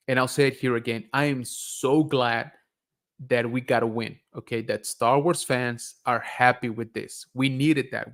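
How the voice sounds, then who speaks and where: Laid-back man reading live chat. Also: medium pitch. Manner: relaxed and chatty, reads comments aloud and reacts with laughs. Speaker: livestream host reading viewer chat. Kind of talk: casual live-stream chat.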